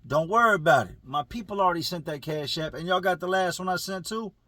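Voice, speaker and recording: A man voicing a smooth-talking male inmate hustler in a retold story. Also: sits high, fast talker, fairly bright tone, no echo, pitched above the performer's own voice. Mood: reassuring.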